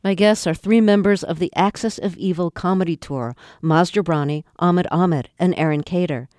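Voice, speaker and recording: A woman's voice: fairly low pitch, a little mellow, no room sound, clean studio sound. Poised female radio interviewer. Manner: measured, curious questioning.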